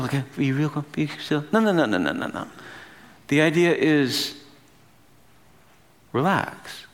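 A man's voice: mid-range voice, fairly bright tone. A man giving a sermon in a casual, playful teaching manner, laughing as he explains. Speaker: pastor.

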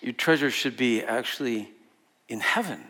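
A man's voice: mid-range voice, normal speed, sharp tone. A man preaching a sermon to a room of people in a conversational way, asking the audience questions and laughing often. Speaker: pastor.

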